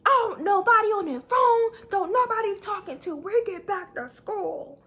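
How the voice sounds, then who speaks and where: A woman imitating a stern female cheer coach who shouts orders at her team. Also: very high-pitched, expressive, measured pace, voice pushed up, full character voice. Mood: yelling.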